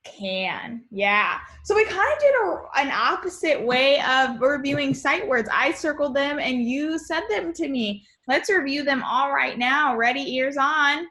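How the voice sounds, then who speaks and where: A young woman teaching young children in a remote lesson, speaking in a slow, sing-song teacher voice. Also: sits high, lively intonation, sharp tone. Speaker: kindergarten teacher.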